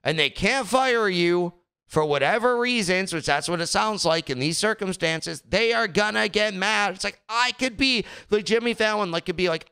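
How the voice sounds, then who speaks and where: A man's voice: high-pitched, moderate pace, sharp tone, clear, resonant tone. A man hosting a casual commentary chat, ranting in an exasperated way and stumbling over repeated words as he gets worked up.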